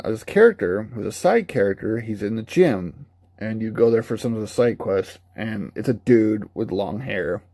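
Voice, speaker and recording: Guy rambling through a game review, dark mellow voice, bouncy delivery. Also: fairly low pitch, dry recording. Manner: rambling, candid, laughs at his own retellings. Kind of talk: casual spoken review.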